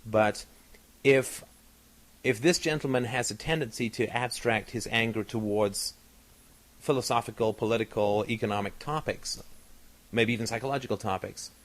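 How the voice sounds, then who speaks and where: A man's voice: medium pitch, moderate pace. A man hosting a podcast in casual chat, talking in a discursive, analytical way with many fillers and restarts. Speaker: podcast host.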